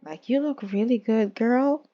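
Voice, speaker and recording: A woman doing a smooth, flattering male photographer. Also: very high-pitched, a little slow, lo-fi sound, soft background music. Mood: reassuring. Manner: laid-back, reassuring, says "man" and "girl".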